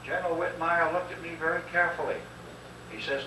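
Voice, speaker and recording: Guy preaching hard at a lecture, high bright voice, old vhs tape from way back in a big echoey hall. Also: fairly even intonation, brisk, distant mic, noisy background. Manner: fervent, emphatic, preacher-like; rallies listeners to answer aloud. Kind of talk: impassioned public lecture.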